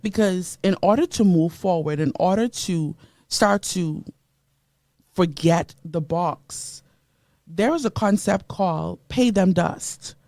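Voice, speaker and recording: A woman's voice: fairly low pitch, slow pace, a little mellow, no echo. A woman from the Bahamas hosting a motivational radio show, emphatic and preachy, greeting listeners by name from a studio mic.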